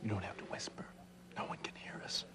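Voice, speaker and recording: An actor playing a gentle male spirit who speaks calmly and reassuringly, with some halting restarts. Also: in a whisper, lightly acted. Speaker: soap opera character. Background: score music.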